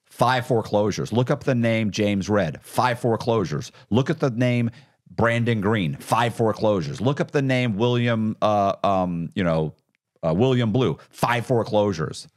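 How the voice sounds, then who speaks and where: A former con artist appears as a podcast guest, telling his story casually in a lowish voice at a slightly slow pace. He gets animated, acting out what other people said as quoted lines.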